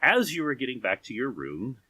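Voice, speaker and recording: A man narrating a tabletop game as game master, telling the scene in unhurried, vivid detail. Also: mid-range voice, big pitch swings, bright, forceful tone, husky.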